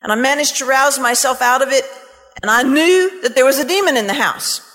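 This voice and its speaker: A woman preacher telling a story in a sermon, animated and dramatic. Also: high-pitched, fairly quick, in a large hall.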